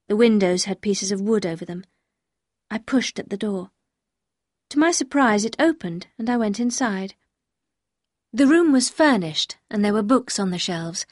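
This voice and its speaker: A woman reading a novel aloud as first-person narrator, in a clear, measured storytelling manner. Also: medium pitch, darkish tone, no echo, studio quality. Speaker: audiobook reader.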